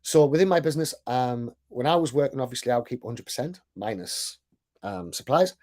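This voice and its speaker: Speaking fairly quickly in a slightly high, gravelly, somewhat mellow voice, a business owner who coaches sales online delivers a casual presentation. He has a heavy accent, is talkative and self-deprecating, and keeps checking in with "right?".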